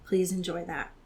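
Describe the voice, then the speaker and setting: A woman's voice: mid-range voice, a bit bright. A woman from the Pacific Northwest co-hosting a podcast, reading fan fiction aloud with dry comic timing and laughing often. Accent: Pacific Northwest American. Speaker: podcast co-host.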